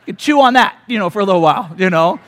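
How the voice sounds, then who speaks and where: Pastor, middle-aged man, very high voice, earnest sermon delivery with acted-out story dialogue. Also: lively intonation, very fast, a bit bright.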